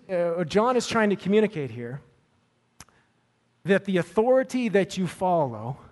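A high-pitched male pastor preaches a sermon and shares a personal story, speaking earnestly and often repeating words while he searches for the right ones. He then prays quietly.

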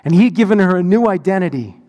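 A male pastor delivers a sermon in a notably high voice. He tells his story with plenty of restarts and repeated words. The sound carries a long hall reverb. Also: lively intonation, very fast, mellow.

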